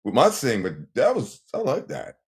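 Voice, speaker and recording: A brash man ranting casually on a livestream. His pitch swings widely as he talks. He uses lots of slang and breaks into laughs often. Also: huge pitch swings, moderate pace. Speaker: livestream host.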